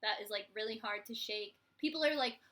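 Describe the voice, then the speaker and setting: A woman's voice: mid-range voice, fairly quick, pushed and bright. A woman in her twenties with a Philadelphia accent, chatting casually on a live vlog. She is self-mocking and acts out the voices of the people she quotes. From Philadelphia, USA. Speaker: vlogger.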